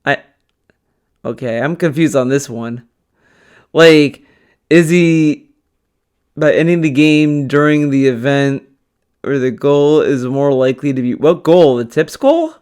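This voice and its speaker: Smooth-voiced man mocking a stream clip. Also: on the high side, animated, takes it slowly, long pauses, a little mellow. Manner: rambling, mocking, restarts and laughs. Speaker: commentary youtuber. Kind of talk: casual commentary over a stream clip.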